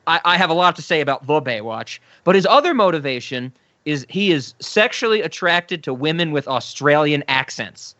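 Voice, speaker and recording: A man's voice: a little high, lively intonation, moderate pace, few pauses, pushed and bright, no room sound, dull audio. Laughing male podcast co-host. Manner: laughs a lot, rambling tangents. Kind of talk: casual chat.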